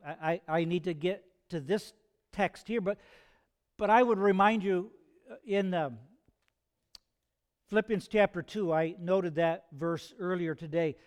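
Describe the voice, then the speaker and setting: A man preaching a sermon in an earnest, conversational way, asking his listeners rhetorical questions. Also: high voice. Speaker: pastor.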